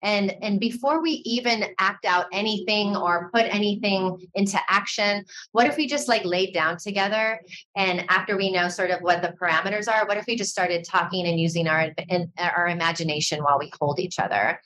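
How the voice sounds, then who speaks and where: A woman talking as a podcast guest in a casual, animated way, often saying "like". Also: medium pitch, a little fast. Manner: animated, frequent fillers like "like".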